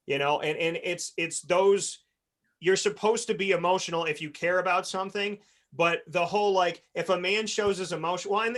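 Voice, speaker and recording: Man, host, sports panel, slightly high voice, earnest, rambling, video call. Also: fairly bright tone. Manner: earnest, rambling, restarts often. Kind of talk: panel discussion.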